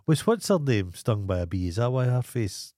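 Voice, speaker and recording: A Scottish man bantering on a podcast, blunt and crude in his jokes. His voice is at an ordinary pitch for a man and recorded dry, right up at the mic. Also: very animated, normal speed, dark tone, no echo. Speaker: podcast co-host. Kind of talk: casual chat.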